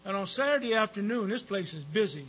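A man's voice: sits high, animated, fast talker, a bit bright, husky, poor audio. A man giving a rambling personal talk at a recovery meeting, with frequent fillers and some profanity.

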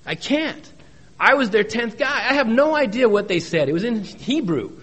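A middle-aged man shares his recovery story with a meeting, in a folksy, joking way. He leans on repeated phrases for emphasis, and his voice sits a little high for a man. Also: expressive, normal speed, fairly bright tone, husky. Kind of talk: personal testimony talk.

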